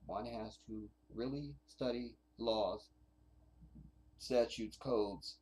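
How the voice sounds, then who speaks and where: A man's voice: medium pitch, slow pace, a little mellow. A man hosting a casual livestream, rambling and swearing as he reads out viewer comments. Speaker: livestream host.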